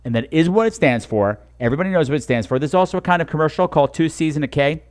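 A man's voice: on the high side, racing. A man hosting a talk show, telling stories in a profane, sarcastic comedic rant and slipping into mocking voices.

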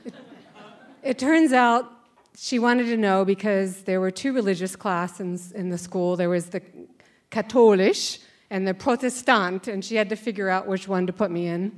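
A woman's voice: mid-range voice, fairly even intonation, normal speed. Older woman telling a story on stage, chatty and wry, does the voices herself. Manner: conversational, wry, acts out voices. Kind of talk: live personal storytelling on stage. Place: stage before a live audience.

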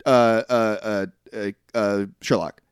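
Taking it slowly with fairly even intonation, a young man recaps a movie on a podcast he co-hosts, rambling casually. He still acts out the characters' lines with pitch jumps, and the studio recording is clean with no room sound.

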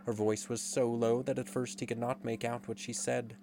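A man narrating a storybook in a measured, expressive reading. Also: mid-range voice, slight background noise. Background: faint guitar music.

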